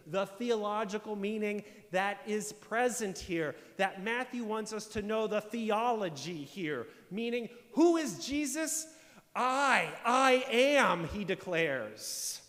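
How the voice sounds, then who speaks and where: Pastor guy preaching, pretty high voice, lots of church echo, emphatic and questioning. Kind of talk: sermon. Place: church sanctuary.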